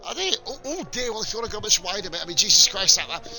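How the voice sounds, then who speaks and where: A man's voice: high voice, sing-song, very fast. A man giving casual live commentary on a sim racing league stream, swearing and chatting with viewers between calls of the action. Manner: casual, sweary, rambling banter with chat. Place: home streaming setup.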